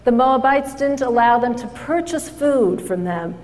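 A woman with a fairly high voice tells stories to an audience at an event, acting out the people in them with animated, changing voices. Her talk rings out with a long echo in a large hall, and she speaks as a practiced speaker. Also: unhurried. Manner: animated storyteller, acts out quoted voices. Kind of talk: storytelling speech. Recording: hall reverb.

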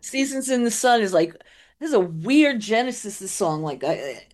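A woman's voice: a little high, very animated, moderate pace, darkish tone. A middle-aged woman telling rambling stories in casual chat as a co-host, often laughing.

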